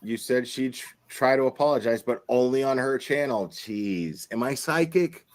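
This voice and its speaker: A man's voice: medium pitch, normal speed. A man streaming live, mocking and swearing as he goes over comments. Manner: mocking and profane.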